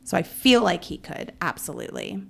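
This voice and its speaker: Brief: woman podcast co-host, lively and opinionated, slight vocal fry, quick to laugh. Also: lowish voice. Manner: laughs often, animated and opinionated. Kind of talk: casual chat.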